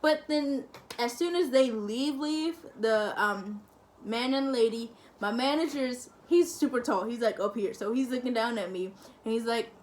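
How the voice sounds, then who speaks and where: A young woman vlogger telling a casual story to camera, chatty and lively, acting out the other people. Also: on the high side, unhurried, a little hiss or hum. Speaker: family-channel vlogger.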